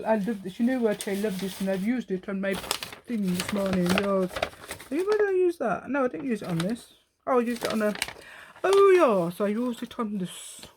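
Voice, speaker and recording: A woman's voice: medium pitch, a little mellow, slight background noise. A woman giving a chatty craft demonstration at home, rambling and talking to herself while she works.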